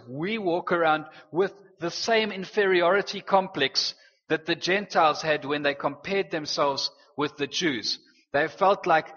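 High-voiced preacher. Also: male voice. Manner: earnest, animated preaching with playful teasing asides. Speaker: pastor. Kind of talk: sermon. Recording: dull, reverberant hall sound.

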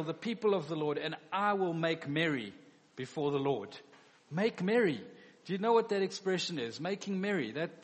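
A man preaching a sermon, animatedly acting out the quoted words of the figures in his story. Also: high voice. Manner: animated, acts out biblical dialogue. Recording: long hall reverb.

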